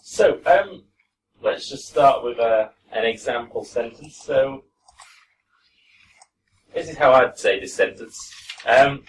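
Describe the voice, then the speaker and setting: A man teaching a pronunciation class to students in a classroom, relaxed and encouraging. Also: medium pitch, moderate pace, a little hiss or hum. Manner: relaxed, encouraging, demonstrates sounds. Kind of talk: classroom lesson. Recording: distant mic in a classroom.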